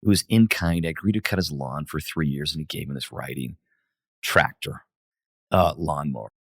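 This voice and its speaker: A man with a very low voice speaks in an unhurried, reflective way, stopping and restarting as he recalls things. The sound is close and dry, with no room around it. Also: fairly bright tone, dry recording. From United States. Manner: many fillers and restarts, reflective. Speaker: guest, company CEO. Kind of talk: relaxed interview storytelling.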